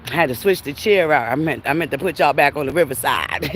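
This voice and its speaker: A woman with a deep voice talks at normal speed on a walking livestream beside a river, slightly out of breath in the heat. Animated and chatty, she laughs a lot and addresses viewers as Buttercups. A little hiss or hum is audible.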